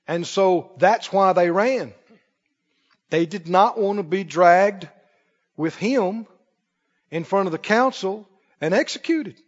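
A man preaching a sermon, emphatic and rising to shouts, drawing call-and-response from his congregation, recorded in an echoey church on a dull recording. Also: high voice, takes it slowly, pauses often. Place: church sanctuary.

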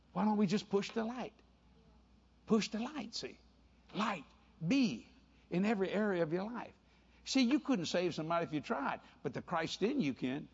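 An older man preaching a sermon, animated and playful, telling stories with quick voices and laughter. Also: on the high side, slightly rough. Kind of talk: sermon mixed with storytelling. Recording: dull lo-fi sound.

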